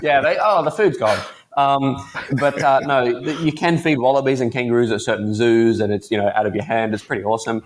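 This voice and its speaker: A man's voice: mid-range voice, fairly quick, slight background noise. A teenage man with an Australian accent, a laid-back and chatty guest telling stories in a casual podcast interview. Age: teens. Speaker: guest entrepreneur.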